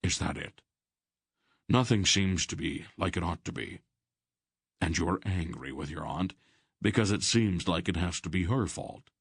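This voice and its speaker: A man voicing a wise, dry-humored old sorcerer in an audiobook, speaking calmly and firmly. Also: sits low, slightly rough, no echo, heavily acted. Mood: patient, lecturing. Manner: calm, measured, gently firm. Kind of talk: audiobook character voice.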